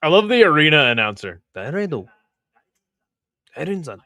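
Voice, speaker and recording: Lively, chatty young male streamer. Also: a little high, normal speed, no room sound, studio quality. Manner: laid-back, slangy, chats with viewers between bouts. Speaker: live stream host. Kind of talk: casual live reaction and play-by-play.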